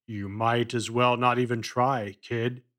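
A man voicing a boastful, gruff veteran male acrobat who growls and mocks. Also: mid-range voice, level tone, slow, fairly bright tone. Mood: gruff, mocking. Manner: growling, mocking.

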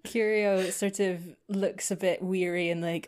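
A woman's voice: on the low side, steady tone, measured pace, darkish tone. A woman playing a tabletop game with dry, wry humor. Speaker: player. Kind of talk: casual tabletop role-play.

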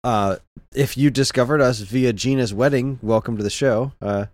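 A man's voice: medium pitch, moderate pace, a little mellow, no echo. A man hosting a podcast in casual chat, offhand and self-deprecating. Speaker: podcast host.

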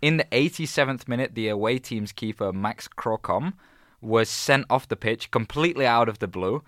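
Bright-voiced laid-back male podcast host. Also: medium pitch, normal speed, no echo, studio quality. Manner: laid-back, chuckling storyteller. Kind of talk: casual chat, reading out stories.

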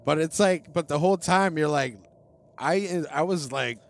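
A man's voice: on the high side, moderate pace, a little hiss or hum. A man casually and profanely recapping a film, rambling and acting out the characters' lines. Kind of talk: casual movie-recap chat.

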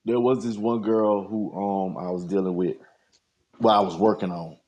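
Lowish man telling a wild story. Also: steady tone, normal speed, darkish tone. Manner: laughing, exaggerated storytelling. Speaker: host. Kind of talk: raunchy casual chat.

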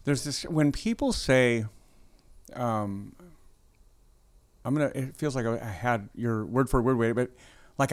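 A man's voice: mid-range voice, unhurried, pauses often. Chatty man hosting a faith conversation. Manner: conversational, animated, playful asides. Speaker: pastor and podcast host. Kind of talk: casual interview conversation.

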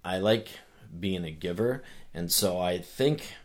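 A man talking as a guest in a casual conversation, telling a story with animated energy and earnest restarts. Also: sits low, takes it slowly. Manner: animated storyteller who acts out voices. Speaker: author and guest.

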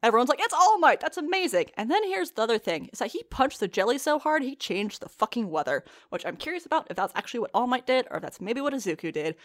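A woman from the United States in casual podcast chat, animated, laughing often and swearing freely as she recaps a show. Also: a little high, quick pace, few pauses. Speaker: podcast co-host reacting to an anime.

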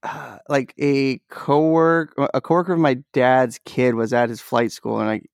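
A man's voice: mid-range voice, little pitch movement, moderate pace, gravelly, hardly any pauses, no room sound, studio quality. A young man co-hosting a casual podcast chat, telling rambling stories and laughing often. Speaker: podcast co-host.

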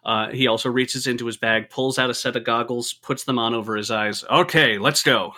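A man narrating a tabletop game as game master, in a relaxed way with frequent fillers. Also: mid-range voice, a little fast.

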